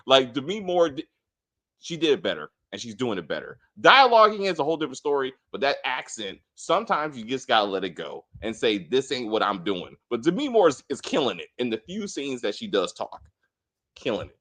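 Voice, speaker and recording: A man's voice: medium pitch, fairly bright tone. A man co-hosting a casual TV spoiler review, ranting emphatically with plenty of profanity. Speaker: co-host of a TV review show.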